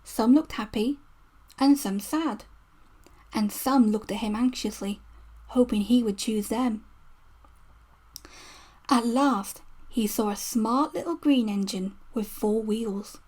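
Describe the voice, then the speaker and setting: A woman narrating a children's storybook in a gentle read-aloud manner. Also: on the high side, takes it slowly, long pauses. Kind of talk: storybook reading.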